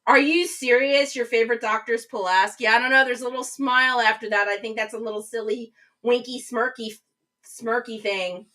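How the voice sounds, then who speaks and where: A woman's voice: a little high, steady tone, brisk, bright, forceful tone, far from the mic, low-quality recording. A woman hosting a live stream, chatting casually and reading viewer comments aloud. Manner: chatty, reads chat comments aloud, rambling restarts. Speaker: livestream host. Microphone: webcam mic, a little back from screen.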